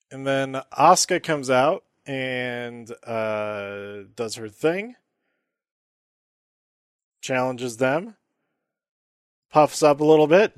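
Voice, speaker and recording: A man's voice: mid-range voice, no echo. Rambling man recapping in a dry room. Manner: rambling, many fillers, laughs at own jokes. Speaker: podcast host recapping wrestling. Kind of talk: casual solo recap.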